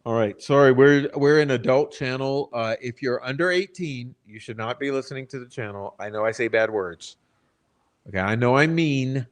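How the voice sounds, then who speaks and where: Male channel host, mid-pitched voice, swears freely, talks to his viewers in an exasperated rant. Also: moderate pace. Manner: profane, blunt, exasperated; addresses the chat directly. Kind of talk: ranting true-crime commentary.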